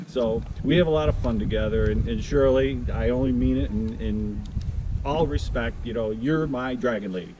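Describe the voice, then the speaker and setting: A man in his fifties talking at an ordinary pitch in a casual, rambling vlog. He jokes and stops to correct himself, and a faint ambience hums behind him. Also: moderate pace, noisy background. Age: 50s. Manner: rambling, jokey, self-correcting. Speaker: vlogger.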